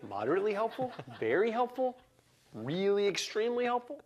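A man doing a deadpan clueless tech support agent. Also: high-pitched, brisk, dull audio. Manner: deadpan, scripted politeness.

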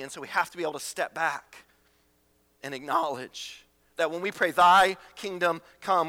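High, bright-voiced preaching pastor. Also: male voice, long reverb tail. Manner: emphatic preaching with repetitions and rhetorical questions. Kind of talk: sermon.

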